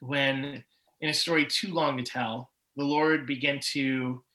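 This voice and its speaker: A man's voice: medium pitch, fairly even intonation, measured pace, bright, forceful tone, poor audio. A man in his forties, a podcast guest, telling his personal story with candor and swings of emotion. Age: 40s. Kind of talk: personal testimony in an interview.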